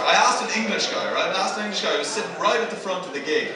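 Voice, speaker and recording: High-voiced Irish stand-up comedian, live. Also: male voice, fast, few pauses. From Ireland. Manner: lively, profane, storytelling with crowd work. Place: large sold-out theatre. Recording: echoey theatre, distant mic, crowd noise.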